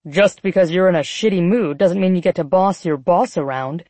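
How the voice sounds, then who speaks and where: A woman's voice: lowish voice, fairly quick, mellow, no echo, close to an everyday voice. A woman voicing a cold, arrogant male newsroom boss who talks in a clipped, menacing, condescending way.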